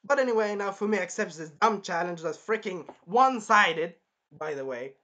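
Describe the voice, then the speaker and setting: Brief: animated male reviewer, bright, high-pitched, swears freely. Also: normal speed, dull audio. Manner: animated, blunt, swearing, swings between muttering and exclaiming. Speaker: anime reviewer. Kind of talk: casual spoken review.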